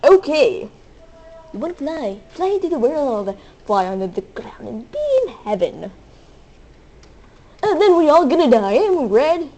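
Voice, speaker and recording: A woman giving excitable, hyper commentary over her own gameplay, squealing and playful. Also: high-pitched, unhurried, long pauses. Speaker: gaming video host.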